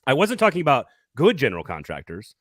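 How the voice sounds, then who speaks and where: A man's voice: medium pitch, wildly swooping pitch, fast talker, fairly bright tone, no room sound, clean studio sound. A man hosting a casual sports talk show, upbeat and jokey, laughing often and doing sponsor reads. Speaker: podcast host.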